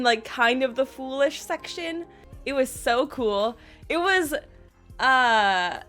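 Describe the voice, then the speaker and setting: A young woman vlogger telling a casual story in an excitable, self-deprecating way, acting out what people said. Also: high voice. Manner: excitable, self-deprecating, animated quoting with laughs.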